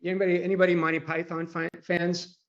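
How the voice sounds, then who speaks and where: A man with a fairly high voice leads a live online trading coaching call. He talks in a chatty, loose way and often clears his throat. His voice comes through dull, lo-fi call audio. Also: completely flat delivery, quick pace.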